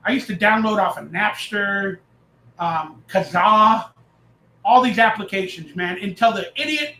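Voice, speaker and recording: A man hosting a casual live reaction stream, talking loudly and excitably, reading and answering chat messages as he goes. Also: high voice, measured pace, echoey room, low-quality recording. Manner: loud, excitable, reads chat aloud.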